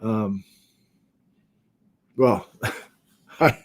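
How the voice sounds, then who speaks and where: An American man hosting a geology livestream, casually reading out where viewers are watching from in a relaxed, chatty way. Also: fairly low pitch, very slow. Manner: relaxed, chatty, reads viewer locations aloud. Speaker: geology lecture host.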